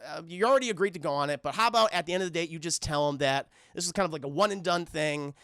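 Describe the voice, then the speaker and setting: A man's voice: a little high, rapid-fire, fairly bright tone, clear, resonant tone, no room sound, studio quality. A man voicing a worried, protective boy who lectures earnestly. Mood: advising.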